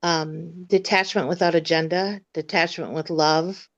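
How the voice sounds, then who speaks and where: A woman with a somewhat low voice shares a personal reaction. She speaks reflectively, pausing with fillers as she searches for the right words. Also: fairly even intonation, dull audio. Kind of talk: casual group discussion.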